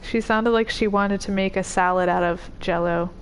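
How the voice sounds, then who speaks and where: A woman's voice: medium pitch, fairly even intonation, moderate pace, slight background noise, low-quality recording. A woman streaming a video game, chatting casually and rambling with many "like"s and easy laughs. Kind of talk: casual chat while playing.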